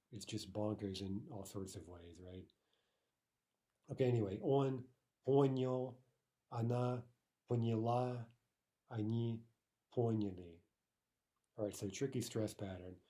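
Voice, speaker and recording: A man's voice: lowish voice, warm tone. Patient man teaching a grammar lesson. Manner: explains patiently, often checks in with "right?". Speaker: language teacher.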